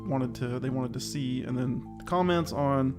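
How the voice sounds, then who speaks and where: A man's voice: mid-range voice, measured pace. A man co-hosting a casual online chat show, rambling and upbeat, a little out of breath, with music playing underneath. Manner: rambling, self-aware, upbeat. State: slightly out of breath. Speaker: podcast co-host.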